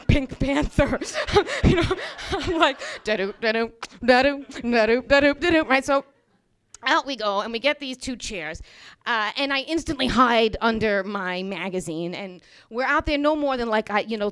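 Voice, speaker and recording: A woman telling a comic personal story on a small bar stage, animated and wry, with lots of "you know" fillers. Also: sits high. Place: small bar stage before a live audience.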